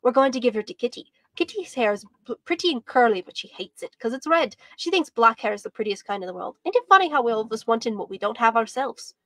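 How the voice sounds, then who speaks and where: A woman's voice: fairly high pitch, animated, fast talker, pushed and bright, no echo, exaggerated voice. A woman reading aloud as a cheerful, poor boy who chats eagerly in a folksy dialect. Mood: chatty.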